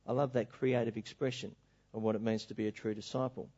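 A male preacher delivering a sermon in an animated, emphatic storytelling manner. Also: fairly low pitch, fast. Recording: dull lo-fi recording.

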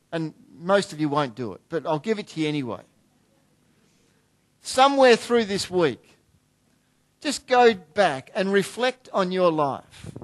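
Pastor preaching, hushed to emphatic. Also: male voice, high voice. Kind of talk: sermon.

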